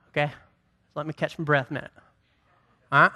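Bright-voiced male pastor preaching. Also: fairly high pitch, level tone, brisk. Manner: impassioned preaching, then quieter and conversational. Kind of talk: sermon.

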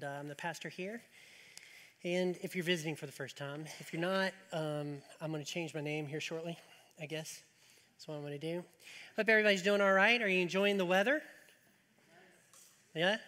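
A man's voice: fairly high pitch, pushed and bright. A man preaching a sermon as pastor, in a folksy way, with joking asides to the congregation in church. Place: church sanctuary. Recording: church hall reverb.

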